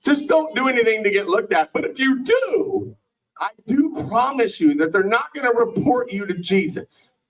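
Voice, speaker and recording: A man's voice: very high-pitched, big pitch swings, moderate pace, distant mic, poor audio. A middle-aged man doing a rambling, profane stand-up set in a small bar, often stopping himself mid-thought. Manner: rambling, profane, self-interrupting. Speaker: stand-up comedian and show host.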